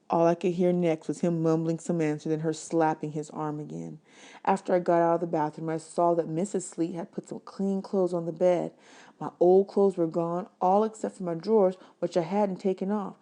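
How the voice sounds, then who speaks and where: Mellow-voiced woman reading aloud. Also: fairly low pitch, flat delivery, brisk. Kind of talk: audiobook read-aloud.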